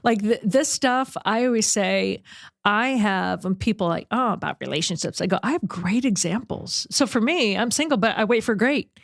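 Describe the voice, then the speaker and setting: A woman talk-show host with a mid-range voice, chatting animatedly and piling on quick asides. The sound is close and dry, with no room around it. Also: mid-range voice, no room sound. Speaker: radio sports talk host. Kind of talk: casual chat.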